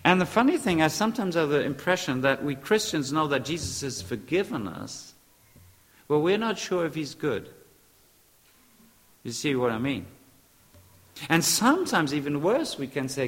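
Preacher in a reverberant hall. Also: male voice, on the high side, big pitch swings, normal speed, fairly bright tone. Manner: emphatic, repeats short phrases, sometimes searches for English words. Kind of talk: sermon.

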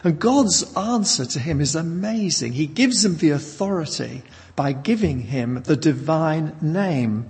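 A man preaching a sermon to a congregation, measured and emphatic, leaning on key words. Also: a little high, animated, darkish tone. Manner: measured, emphatic teaching with pauses. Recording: long reverb in a hall.

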